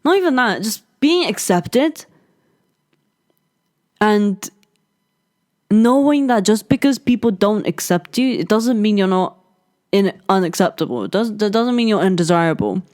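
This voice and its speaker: Brief: young woman hosting a podcast, candid storyteller who swears freely and says "like" a lot, smooth clear voice. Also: medium pitch, lively intonation, unhurried, pauses often, a little mellow. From London, England. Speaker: podcast host. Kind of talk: casual personal storytelling.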